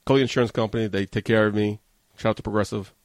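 A man with a low, gravelly voice rushes through a profane, agitated rant in a podcast studio. He rambles along with plenty of swearing. The sound is dry and close, with no room echo. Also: steady tone. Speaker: podcast host. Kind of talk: casual storytelling rant.

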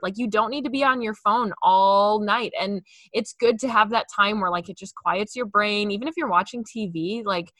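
Bright, chatty young podcast host. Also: female voice, medium pitch, normal speed, hardly any pauses, dry recording, clean studio sound. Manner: chatty, heavy use of filler words. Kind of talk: casual podcast interview.

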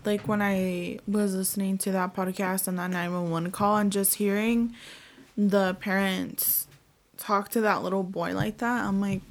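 A woman's voice: medium pitch, steady tone, a little slow. A woman chatting casually on a podcast, slangy and swearing freely. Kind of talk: casual chat.

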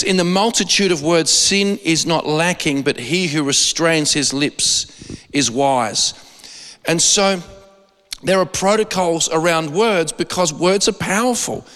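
Australian pastor preaching in a reverberant hall. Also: male voice, on the high side. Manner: animated, repeats words when stressing a point. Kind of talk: sermon.

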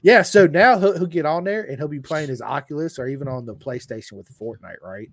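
A man's voice: medium pitch, quick pace, gravelly, dry recording, clean studio sound. A middle-aged man co-hosting a podcast, telling stories animatedly and laughing a lot. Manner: animated storyteller, says dude a lot, laughs. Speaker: podcast co-host. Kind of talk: casual chat.

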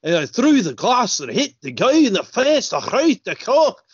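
A man's voice: high-pitched, big pitch swings, moderate pace, slightly rough, dry recording, dull audio, pitched above the performer's own voice, full character voice. A man impersonating a Scottish actor, with a whispery, slurred mumble in a put-on Scottish accent. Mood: rambling.

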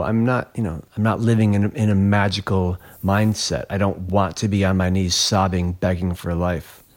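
A man's voice: fairly low pitch, darkish tone. A man, a glassblower and interview guest, telling a personal story in an earnest, reflective way that livens up when he retells events.

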